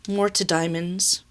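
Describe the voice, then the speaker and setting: A young adult woman giving a casual tarot reading, emotional and exclamatory, laughing and tearing up as she talks. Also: lowish voice. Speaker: tarot reader.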